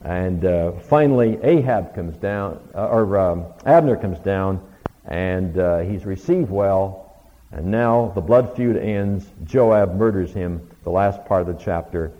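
A man with a low voice teaches a Bible class in an easy, conversational way, retelling the stories and acting out bits of dialogue. The recording is dull and lo-fi, with a long reverb trailing off in a big room. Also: slow pace.

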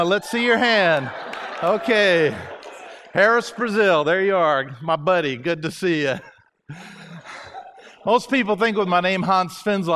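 An older man from Alabama gives a chapel talk. His voice sits fairly high. He keeps it jokey and chatty, drawing the audience in. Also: a bit bright, slight background noise. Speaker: guest speaker.

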